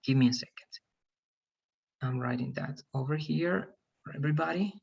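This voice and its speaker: Husky man teaching an online class. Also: fairly high pitch, moderate pace, a little mellow. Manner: coaxing, repeats "all right" and "right". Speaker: English teacher. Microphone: video call. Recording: dull, lo-fi video call audio.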